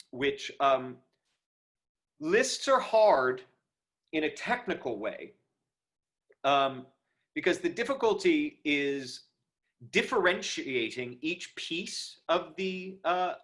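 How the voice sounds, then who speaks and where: An acting teacher with a slightly bright voice on the high side gives a casual online lecture on performing verse from his home setup. He thinks aloud with lots of ums and restarts, recorded through a video call microphone.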